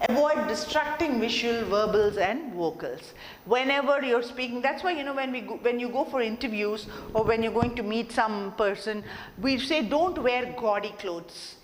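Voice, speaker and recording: A woman giving a classroom lecture on communication, explaining and repeating her points and asking rhetorical questions. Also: fairly high pitch. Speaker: college lecturer. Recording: long reverb, faint background noise.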